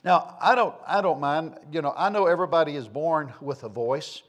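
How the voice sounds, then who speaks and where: A man's voice: a little high, moderate pace, a bit bright. A man preaching a sermon, a folksy, rambling storyteller who repeats phrases for emphasis. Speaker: pastor.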